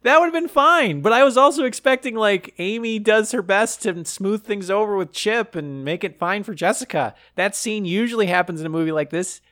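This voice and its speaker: Guy on a comedy podcast goofing through a movie recap, voice a bit on the high side. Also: animated, moderate pace, few pauses, sharp tone. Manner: jokey, riffs with silly voices for characters. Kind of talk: casual comedic chat.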